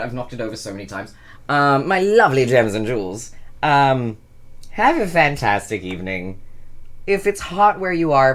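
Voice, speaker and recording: A sleep-deprived vlogger with a hoarse throat, chatting to camera from a hot room at home in a giddy, scattered, sweary ramble. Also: medium pitch. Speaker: vlogger hosting a weekly singing stream. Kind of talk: rambling casual chat to camera. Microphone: camera at close range.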